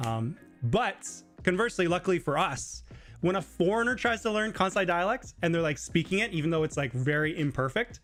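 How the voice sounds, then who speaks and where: A chatty man hosts a live question-and-answer stream, his voice sitting a little higher than most men's. He rambles casually with plenty of fillers and now and then jumps up high to mimic someone. Faint music plays behind him. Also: expressive, a little fast, a bit bright. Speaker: livestream host.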